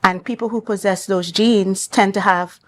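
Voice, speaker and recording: A woman with a Trinidad and Tobago accent, a doctor speaking as a guest on a morning talk show, explaining things in a measured, clinical way. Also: mid-range voice, steady tone.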